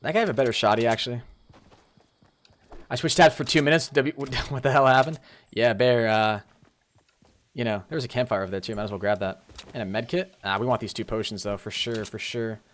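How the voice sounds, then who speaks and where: A young man streaming a video game live, chatting casually and excitedly while thanking viewers. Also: mid-range voice, a little fast, pauses often. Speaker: streamer host. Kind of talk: live gameplay commentary.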